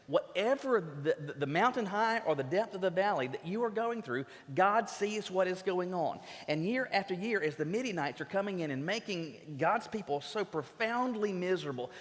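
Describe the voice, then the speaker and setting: A man preaching a sermon as a pastor, emphatic and earnest, often stumbling into quick restarts as he drives his points home. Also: fairly high pitch, a bit bright. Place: church sanctuary. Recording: long reverb of a church sanctuary.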